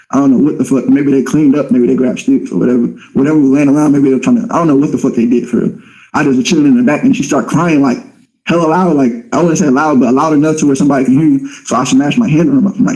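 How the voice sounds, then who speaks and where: A man with a dark, mellow voice rattles off his story at a quick clip. He talks bluntly and profanely in casual street speech, as a guest in an interview. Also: mid-range voice, steady tone, rough recording.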